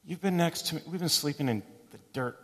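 A man's voice: on the high side, husky. Man preaching in a reverberant hall. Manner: conversational, animated storytelling with quick voices for quotes. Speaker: pastor. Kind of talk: sermon.

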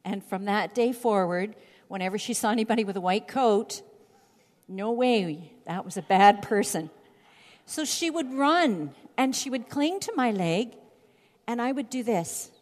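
A middle-aged woman giving Bible teaching, reading scripture aloud and telling stories in an expressive way. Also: a little high, moderate pace. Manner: expressive, storytelling delivery. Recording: long hall reverb.

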